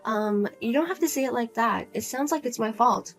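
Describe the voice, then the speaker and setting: A woman voices a single adult daughter who talks to her mother in a blunt, cold, lecturing way, sounding firm and exasperated. Her natural voice is a little high, though pitched below her own, at normal speed, with soft music in the background.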